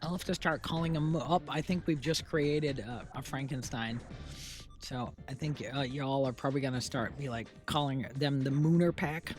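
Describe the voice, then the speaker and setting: A woman's voice: low-pitched, normal speed, darkish tone, soft background music. A woman co-hosting a stream in casual chat, rambling and laughing often. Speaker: streamer co-host.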